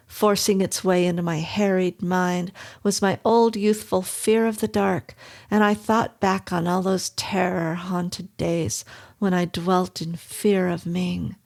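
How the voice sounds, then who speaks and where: A woman narrating a horror story in a measured, suspenseful reading. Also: fairly low pitch, creaky, a little mellow.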